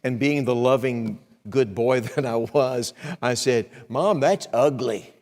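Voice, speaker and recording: A middle-aged man preaching an evening sermon as a visiting evangelist, acting out anxious prayers in a rising pleading voice and dropping to a quiet hush for personal stories. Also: medium pitch, steady tone, a little slow. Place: church sanctuary. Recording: long hall reverb in a church.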